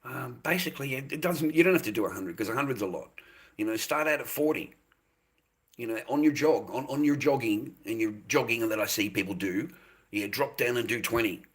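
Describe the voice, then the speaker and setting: A man's voice: mid-range voice, brisk, slightly rough. An older man, talking to viewers on his livestream in a rambling, repetitive way, full of "mate" and "boys".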